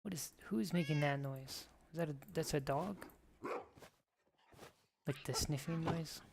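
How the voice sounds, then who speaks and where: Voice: medium pitch, measured pace, vocal fry. A streamer chatting casually while playing a game, telling rambling, joking stories. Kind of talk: casual chat while gaming. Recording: steady background noise.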